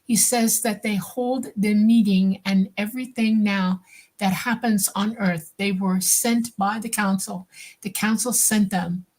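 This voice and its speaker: A woman speaks under hypnosis, describing visions in slow, halting phrases. She pauses often and searches for her words. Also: medium pitch, fairly even intonation, darkish tone. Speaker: hypnosis client.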